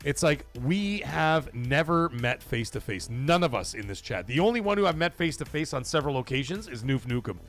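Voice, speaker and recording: A middle-aged man hosts a live stream in a loose, rambling way, swearing freely as he tells personal stories and reads out viewer messages. His voice sits at an ordinary middle pitch. Faint music plays quietly underneath. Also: animated, a little fast, few pauses. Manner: profane, rambling, emotional storytelling; reads viewer super chats aloud. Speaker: livestream host. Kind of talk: casual live-stream chat.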